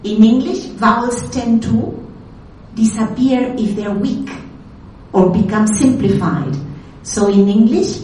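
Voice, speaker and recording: A woman from Argentina, giving a lecture in a slow, deliberate way, carefully spelling out each word. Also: fairly high pitch, mellow, a little hiss or hum. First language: Spanish. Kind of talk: lecture on language history. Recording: echoey room, speaker far from mic.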